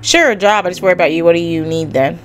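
Woman voicing a fretful elderly game mom, lowish plain voice, faint music behind. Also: racing, lightly acted. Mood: fussing. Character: worried, fussing elderly mother of a raccoon. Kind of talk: reading game dialogue aloud.

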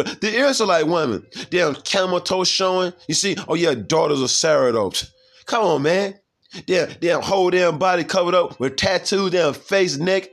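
A man's voice: high voice, a bit bright. A man preaching from scripture in a heated, profane way, reading verses aloud and breaking in again and again to ask his listeners if they see. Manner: profane, heated, keeps asking "you see?"; reads verses aloud, then comments on them.

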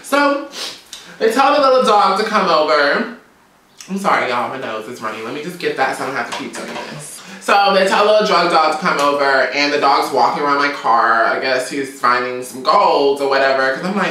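A woman from Georgia, telling a story in a sassy, animated, profane vlog rant. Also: low voice, a little fast, far from the mic, slight background noise. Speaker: vlogger. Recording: very echoey room, away from mic.

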